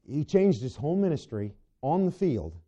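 Male preacher, sermon, very dark timbre, stumbling restarts, lo-fi church recording. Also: a little high, very animated, moderate pace. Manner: asks the congregation rhetorical questions, stumbles and restarts. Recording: dull lo-fi recording.

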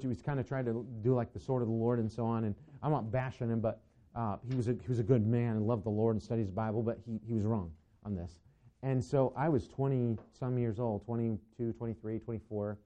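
Guy teaching a bible class, real mellow dark voice, chatty and rambling, kinda muffled lo-fi recording. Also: medium pitch. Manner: conversational and digressive, with asides to the class.

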